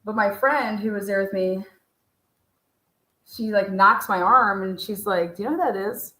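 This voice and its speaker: A woman's voice: mid-range voice, normal speed, pushed and bright. A young woman hosting a livestream, telling casual stories in a profane, chatty way with frequent laughs. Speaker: livestream host. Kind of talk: casual storytelling chat. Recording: echoey room.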